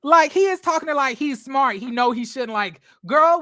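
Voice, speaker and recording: A man vlogging reaction commentary in a sassy, slangy way, swinging between loud outbursts and muttered asides. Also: very high-pitched, animated, normal speed, few pauses, no echo, studio quality.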